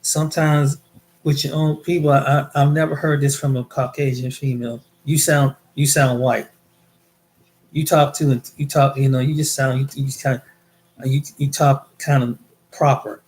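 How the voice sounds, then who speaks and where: A man's voice: mid-range voice, fairly even intonation, moderate pace, darkish tone. A man from the United States talking in a casual monologue, rambling and repeating words as he tells his experiences. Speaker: vlogger.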